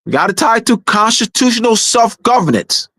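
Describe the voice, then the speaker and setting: A very high-pitched, very animated man talks fairly quickly in a slightly bright voice, captured with no room sound. As a weekly talk show presenter, he gives an insistent lecture-style talk, repeating key points and often restarting.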